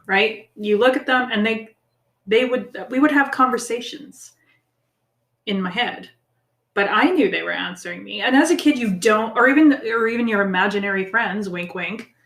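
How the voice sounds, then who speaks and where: A woman co-hosts a podcast in loose, casual chat. She is frank and upbeat and swears freely, and her voice is mid-pitched. The room around her has a roomy echo. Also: normal speed, a bit bright. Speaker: podcast co-host.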